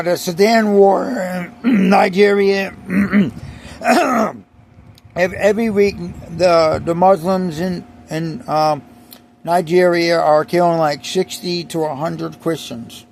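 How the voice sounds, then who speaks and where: A man with a high, gravelly voice rants in a slow, deliberate monologue. He repeats himself with emphasis and keeps restarting sentences. Faint vehicle noise hums underneath. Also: a little mellow. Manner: emphatic, repetitive, restarts often. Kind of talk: ranting monologue to camera.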